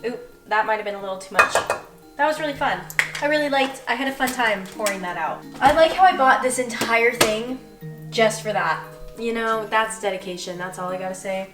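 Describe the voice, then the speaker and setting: Young woman rambling while she bakes, kinda high voice, kitchen sounds far from the mic. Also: brisk, over loud music. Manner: chatty, self-deprecating, rambling. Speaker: vlogger. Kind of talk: casual baking vlog chat. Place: home kitchen. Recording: roomy kitchen, mic at a distance.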